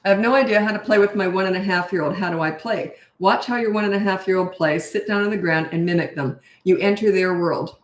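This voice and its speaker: A woman's voice: medium pitch, quick pace, few pauses, reverberant. A woman in her sixties, a parenting coach answering viewer questions in a frank, conversational live-stream Q&A. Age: 60s.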